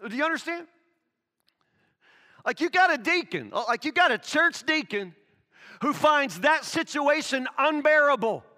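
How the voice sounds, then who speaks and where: A man's voice: extremely high pitch, lively intonation, moderate pace, pushed and bright, long reverb tail. A man pastor preaching a sermon, telling a story and then pressing his point with emphatic questions. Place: church sanctuary.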